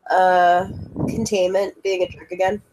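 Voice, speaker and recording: A woman's voice: lowish voice, level tone, measured pace, a little mellow, slight background noise, close to an everyday voice, rough recording. A woman playing a blunt, foul-mouthed young woman in a casual role-play scene, talking loosely and swearing freely.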